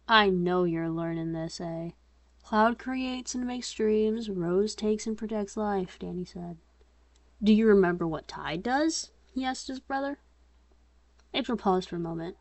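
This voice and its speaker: A woman's voice: mid-range voice, dry recording. A young woman reading her own story aloud in an unedited, casual way, voicing narration and dialogue in her own voice and breaking off to comment on her slips.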